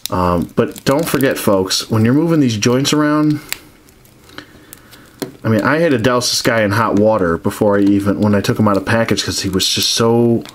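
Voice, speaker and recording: A man's voice: lowish voice, moderate pace, a little hiss or hum. A man casually reviewing action figures, rambling with many restarts and frank complaints.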